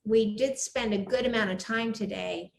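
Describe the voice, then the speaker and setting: A woman's voice: medium pitch, normal speed, vocal fry, slight background noise. A woman hosting a live cooking show from her home kitchen, chatting with enthusiasm and gushing over the food. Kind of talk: live cooking demo chat. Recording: echoey room.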